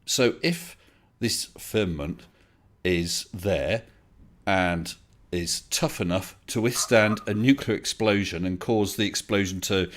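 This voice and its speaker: A man hosts a casual online debate, his voice sitting a little low. He is polite and quick to laugh, with lots of halting restarts as he thinks aloud. It sounds like a home computer mic on a voice call. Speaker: livestream host.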